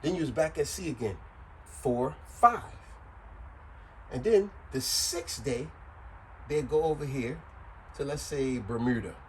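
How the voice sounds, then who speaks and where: Animated man explaining casually. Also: medium pitch, a little slow, long pauses, slight background noise, poor audio. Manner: repetitive, animated, joking. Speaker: vlogger.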